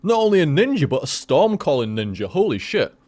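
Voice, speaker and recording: A man's voice: a little high, sing-song, brisk, a little mellow. A young man chatting casually to his stream viewers, rambling and swearing with lots of restarts.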